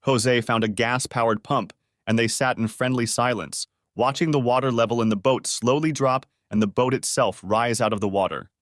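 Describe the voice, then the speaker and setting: A man narrating a family drama story in a steady, scripted storytelling voice. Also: medium pitch, moderate pace, few pauses, no echo, clean studio sound.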